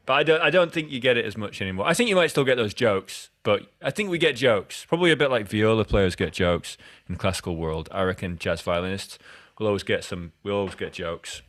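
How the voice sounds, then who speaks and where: A man's voice: fairly low pitch, animated, a little fast, few pauses, fairly bright tone, no room sound. A Scottish man hosting a podcast interview, talking in a loose, rambling way with many restarts. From Scotland. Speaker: podcast host. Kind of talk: casual interview chat.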